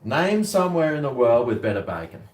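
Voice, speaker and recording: A man's voice: medium pitch, very animated, fairly quick, darkish tone, distant mic, a little hiss or hum. Rambling Australian man cooking in echoey kitchen. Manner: blunt, rambling, swears freely. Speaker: cooking vlogger. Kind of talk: casual talk to camera while cooking. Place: home kitchen.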